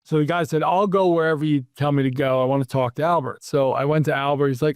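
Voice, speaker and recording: A man with a slightly higher-than-usual voice tells stories in a casual interview, acting out other people's lines with animated energy. The sound is dry and close, with no room echo. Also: fast talker, few pauses, clear, resonant tone. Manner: animated anecdotes, acts out quotes. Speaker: podcast host, PR executive.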